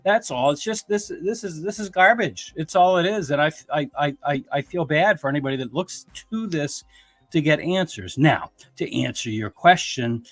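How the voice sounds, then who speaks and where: A man's voice: a little high, expressive, normal speed, no room sound, faint music behind. A man who is an attorney, giving blunt, emphatic criticism in a casual podcast discussion. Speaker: guest commentator, attorney.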